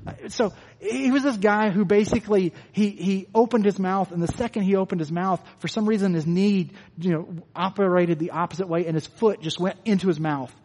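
A man preaching a sermon in a conversational, animated way, often restarting his phrases, to people in a church hall. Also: sits high, brisk. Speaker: pastor. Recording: long hall reverb.

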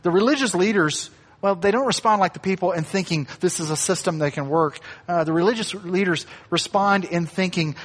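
A man with a fairly high voice delivers a sermon in an easy, conversational way. He acts out the lines he quotes and drops in light asides. His voice carries a long reverb from the church around him. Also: a little fast. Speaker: pastor.

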